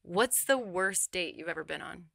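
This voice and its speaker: A woman hosting a podcast, chatting casually and joking in animated banter. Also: lowish voice, normal speed, creaky, no room sound. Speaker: podcast host.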